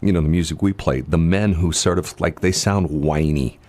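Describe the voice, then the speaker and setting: A man's voice: rumbling low, moderate pace, darkish tone. A man co-hosting a morning radio show in casual banter, rambling with many fillers and restarts, speaking into a studio microphone.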